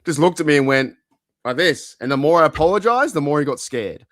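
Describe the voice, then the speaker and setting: A man's voice: a little high, expressive, brisk, fairly bright tone, dry recording, studio quality. A man, co-hosting a podcast in casual chat, rambling through stories and swearing casually. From Australia. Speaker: podcast co-host.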